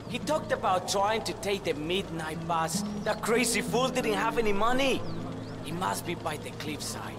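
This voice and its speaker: An excitable Latin American band member in a video game. His voice sits high and swoops all over the place. Lively music plays clearly behind him. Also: moderate pace. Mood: chatty. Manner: animated, exclaiming.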